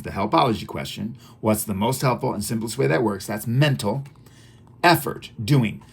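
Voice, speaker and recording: Male teacher, mid-pitched, audio lesson; reads his book aloud, repeats points, checks in with listeners. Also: creaky, breathy edge. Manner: chatty and repetitive, quizzing listeners with "right?" and "okay?". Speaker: teacher reading through his self-help book. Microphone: audio-only recording.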